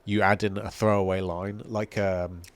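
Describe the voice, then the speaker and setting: A man's voice: sits low, flat delivery, moderate pace. A man co-hosting a gaming podcast, chatting casually and rambling through opinions with the odd swear. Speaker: podcast co-host. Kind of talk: casual chat.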